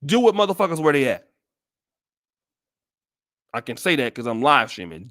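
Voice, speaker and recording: This American man, from the United States, offers blunt, profane live-stream commentary in a casual style, frequently restarting. His medium-pitched voice has big pitch swings, a slightly bright tone and normal speed. It's studio-quality audio with no room sound.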